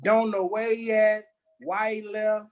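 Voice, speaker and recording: A man's voice: high-pitched, little pitch movement, measured pace, dull audio. A man, co-hosting a casual review show and making blunt, slangy, laid-back remarks. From Louisiana. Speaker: co-host.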